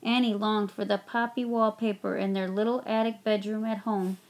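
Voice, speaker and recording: A woman narrating a children's storybook aloud, giving the characters gentle voices. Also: medium pitch, flat delivery, normal speed. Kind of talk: storybook reading.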